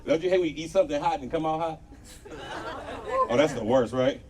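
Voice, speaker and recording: A man's voice: a little high, fairly quick, distant mic. A man doing a crude stand-up comedy set at an outdoor show, telling stories with voiced quotes and talking to the crowd. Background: crowd laughing.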